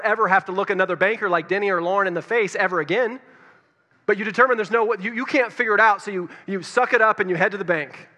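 A man preaching a sermon, telling a story that puts his listeners in it, swinging between loud urgency and hushed near-whispers. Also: high-pitched, in a large hall. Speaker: pastor.

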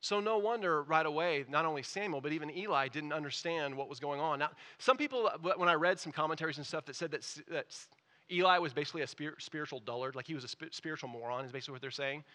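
A man preaching a sermon as pastor, reading scripture and explaining it, moving between quiet asides and loud emphatic peaks. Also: fairly high pitch, quick pace.

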